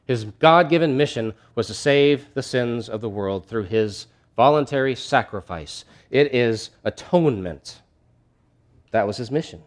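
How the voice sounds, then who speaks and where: A man's voice: medium pitch, lively intonation, measured pace. A man preaching a sermon in a conversational, emphatic way, often restarting his phrases.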